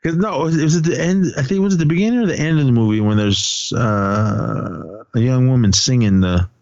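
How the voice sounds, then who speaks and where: A podcast co-host with a medium-pitched, somewhat mellow voice talks fairly quickly in a casual movie recap chat. He rambles through a film's scenes and acts out quoted lines, and the lo-fi recording has no room sound.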